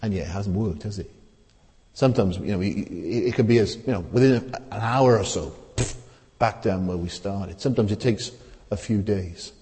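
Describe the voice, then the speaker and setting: Low, mellow man preaching in a hall. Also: normal speed. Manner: conversational preaching with rhetorical tag questions and frequent restarts. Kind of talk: sermon. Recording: long hall reverb.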